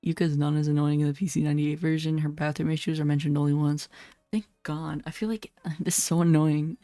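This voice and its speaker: A woman with a low, mellow voice gives loose, blunt commentary while she streams a horror game, swearing freely and laughing often. Her voice sounds slightly hoarse. Faint game music plays behind her on a dry, close recording. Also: steady tone, a little fast, no echo. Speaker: VTuber streamer. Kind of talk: casual gameplay commentary.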